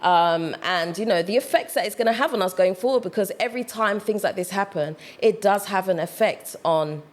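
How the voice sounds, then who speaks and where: A woman's voice: medium pitch, brisk. Reflective woman vlogger talking it through. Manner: reflective, conversational, many fillers. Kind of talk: commentary vlog.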